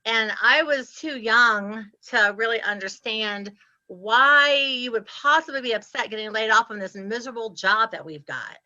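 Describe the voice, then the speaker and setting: A woman, telling her story as an interview guest with lively, laughing animation. Her voice sits fairly high and sounds bright and forceful. The audio is a bit muffled and lo-fi. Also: moderate pace. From Ohio, US Midwest. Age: 60s. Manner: animated, laughs often, acts out her past self.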